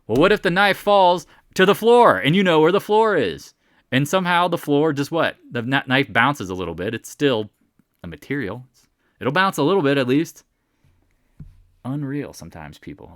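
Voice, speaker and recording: A man's voice: on the high side, lively intonation, moderate pace, a bit bright, clear, resonant tone, no echo, clean studio sound. A man hosting a casual daily stock market recap, joking and sarcastically mocking imagined viewers. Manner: sarcastic, mocks imagined viewers in put-on voices. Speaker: stock market video host.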